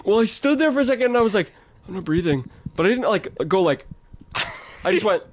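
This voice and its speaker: A man's voice: sits high, lively intonation, fast talker, no echo. A young man and podcast host chatting casually, laughing often, swearing freely and acting out the voices in his stories. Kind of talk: casual chat.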